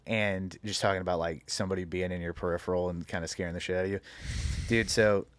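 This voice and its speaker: A young adult man hosting a podcast, telling animated stories in casual chat and laughing often. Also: low-pitched, fast talker. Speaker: podcast host.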